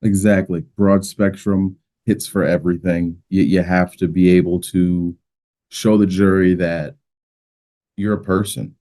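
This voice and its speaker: A man's voice: deep voice, little pitch movement, measured pace, dark tone. A man, a mock trial coach, speaking as a podcast guest and giving earnest, practical coaching advice. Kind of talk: casual podcast interview.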